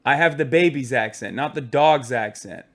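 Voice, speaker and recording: Man doing a posh English gent, pompous, mock-genteel, mid-pitched, swooping delivery. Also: moderate pace, a bit bright, natural voice. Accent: posh English (put on). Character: pompous posh upper-class Englishman, adult male. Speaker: live streamer. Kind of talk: mock-posh comedic monologue.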